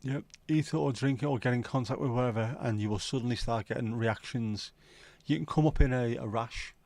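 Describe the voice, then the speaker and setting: A man's voice: medium pitch, fairly quick, vocal fry, a little mellow, no room sound. Cheeky man chatting to viewers. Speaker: livestream host. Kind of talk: casual chat reading viewer comments.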